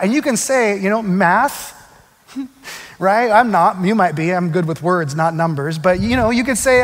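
A pastor with a notably high voice delivers a conversational sermon. He leans on key phrases by slowing right down, then picks up as his energy rises. His voice carries a long reverb that trails after his words in a large hall. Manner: conversational preaching, slows for emphasis, rises when excited.

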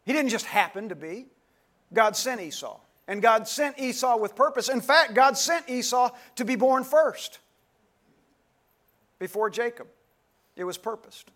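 High voiced preacher man, keeps asking the crowd the same question, calls folks by name. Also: expressive, unhurried, long pauses, a bit bright. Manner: call-and-response, repeats questions, calls out listeners by name. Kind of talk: sermon. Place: dim church hall, live congregation.

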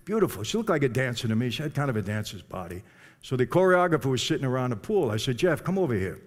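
A man's voice: mid-range voice, very animated, quick pace. An older man telling a personal testimony to an audience, in a conversational way with direct asides to the listeners. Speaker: speaker giving a personal testimony. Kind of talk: storytelling to a live audience.

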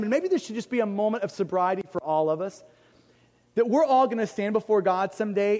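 High-voiced pastor preaching in a reverberant hall. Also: male voice, expressive, fairly quick, darkish tone. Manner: conversational, self-deprecating, emphatic repetition. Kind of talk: sermon.

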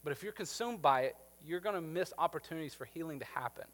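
A man, preaching a sermon and telling a personal story, moving from lively to hushed and tender. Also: a little high, fast. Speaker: pastor.

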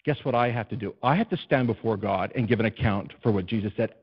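A man preaching a sermon as pastor, swinging between hushed low passages and loud, soaring ones, often putting questions to the congregation. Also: moderate pace, breathy edge, lo-fi sound. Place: church.

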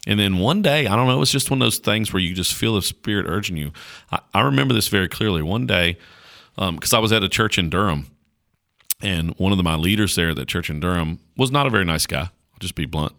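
Low-voiced rural North Carolina man. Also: expressive, fast, vocal fry, fairly bright tone, no room sound, clean studio sound. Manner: folksy, earnest storytelling with frequent restarts. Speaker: pastor. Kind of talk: casual conversational interview.

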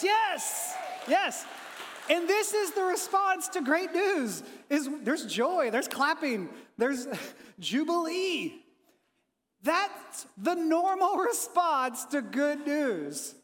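A pastor giving an energetic, conversational sermon and talking with his congregation in a church. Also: very high-pitched, slow pace, long reverb tail.

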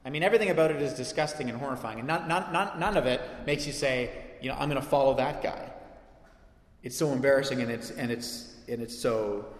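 A man's voice: mid-range voice, brisk. A man preaching a sermon, conversational and then building to emphatic peaks. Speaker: pastor. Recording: echoey hall with long reverb.

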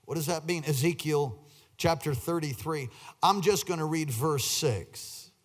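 A man preaching a sermon, asking the congregation questions and swinging between quiet asides and loud, emphatic bursts. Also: a little high, unhurried. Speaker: pastor.

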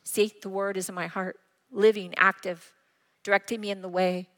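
Preaching in a church whose hall gives a long reverb, a middle-aged woman pastor speaks at medium pitch and a moderate pace, her delivery flat and her tone a bit bright. She tells personal stories earnestly, with acted quotes.

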